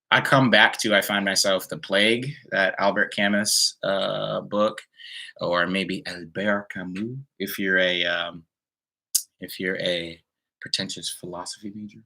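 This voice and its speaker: Guy live streaming from home, bright voice, rambly with lots of ums, kinda tired. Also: on the low side. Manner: relaxed, rambling, with many fillers and laughs. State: a little tired. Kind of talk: casual live-stream chat. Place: indoors at home.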